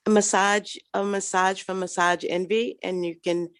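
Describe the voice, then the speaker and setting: A woman's voice: medium pitch, little pitch movement, moderate pace, no room sound, studio quality. A woman donating an item, speaking hesitantly and apologetically. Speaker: donor.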